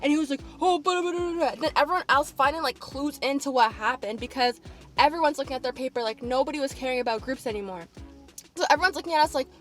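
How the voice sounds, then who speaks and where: Young woman, high-pitched, casual storyteller acting out quotes over soft music. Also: fast. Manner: animated, acts out quotes. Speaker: vlogger.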